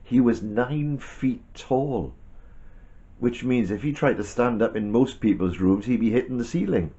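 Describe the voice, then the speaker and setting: A man telling a Bible story to a child in a gentle, animated way with chatty asides. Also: mid-range voice, a little slow, dull audio.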